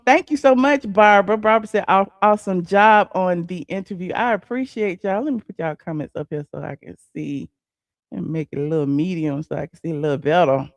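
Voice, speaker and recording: Speaking into a desk computer mic in a small room at home, a woman livestreams casually, chatting to her viewers and their messages and calling them child and honey. Her voice is medium in pitch, with no echo.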